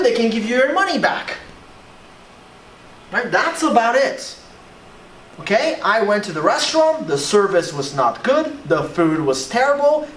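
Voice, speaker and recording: Lively teacher heard from across an echoey room. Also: mid-range voice. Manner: animated, keeps checking in with "right?". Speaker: English teacher. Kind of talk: classroom lesson. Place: classroom. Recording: echoey room, voice from far off, faint hiss.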